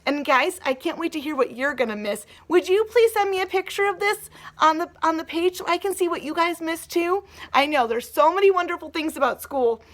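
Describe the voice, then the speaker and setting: A woman teacher giving a remote lesson to young children, speaking in a gentle, encouraging, sing-song way. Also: very high voice, expressive, fairly quick.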